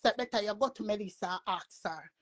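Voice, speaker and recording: A woman's voice: mid-range voice, quick pace. A woman with a Jamaican patois accent, telling a long rambling story in a casual live chat. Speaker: storyteller guest.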